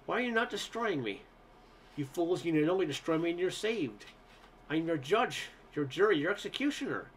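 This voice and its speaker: A man's voice: a little high, lively intonation, brisk, slight background noise, close to an everyday voice. A man voicing an anguished male alien who speaks in stiff, formal sentences, pleading to be destroyed. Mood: desperate pleading. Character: anguished towering alien with terrible eyes, male.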